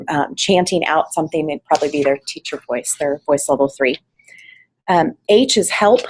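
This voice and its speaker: Woman, husky voice, lowish pitch, practical training talk, volunteer coordinator. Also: a little mellow, low-quality recording. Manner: practical, instructive, with fillers. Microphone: online meeting mic, at varying distance.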